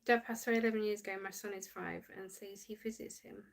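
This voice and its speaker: A woman's voice: mid-range voice, steady tone, quick pace, creaky. A woman hosting a casual livestream, chatting and giggling as she reads viewer comments aloud. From United Kingdom. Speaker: livestream host reading chat.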